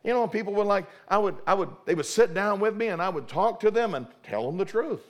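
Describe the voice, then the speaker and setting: A man's voice: sits high, expressive, fairly quick. A middle-aged man, a pastor preaching a sermon fervently, often repeating and restarting his words.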